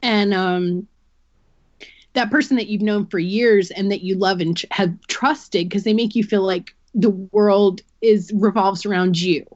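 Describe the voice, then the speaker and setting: A woman's voice: medium pitch, steady tone, a little slow, darkish tone, no echo, dull audio. A woman guest on a podcast, giving a candid personal account and explaining things earnestly through long analogies.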